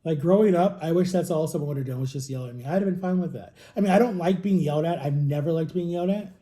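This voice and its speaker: A man with a slightly high yet very mellow, dark voice tells a casual story to his viewers. He rambles freely, with many fillers and side remarks. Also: quick pace. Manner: rambling, chatty, lots of fillers. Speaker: vlogger.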